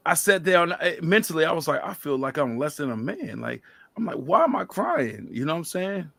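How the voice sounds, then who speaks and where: Male podcast host with a gravelly voice and a dry, close sound, lively storyteller. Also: fairly high pitch, fairly quick, no echo. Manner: animated storyteller, quotes people in lively voices. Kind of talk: casual chat.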